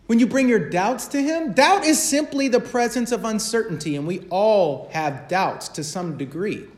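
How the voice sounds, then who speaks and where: A man preaching a sermon as a pastor, passionate and repetitive, rising to shouts. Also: high-pitched, a little hiss or hum.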